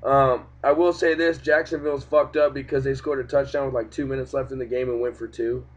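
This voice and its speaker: A man's voice: mid-range voice, little pitch movement, fairly quick. A young man hosting a casual sports podcast, talking in a profane, ranting way about games and referees. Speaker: podcast host. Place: home room, cat nearby. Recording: dull lo-fi home podcast recording.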